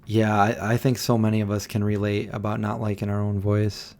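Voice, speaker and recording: Man, tired late-night stream host, lowish voice, mellow tone, rambling chat. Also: little pitch movement, brisk. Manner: rambling, reads chat aloud and answers viewers. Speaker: livestream host. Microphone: desk microphone.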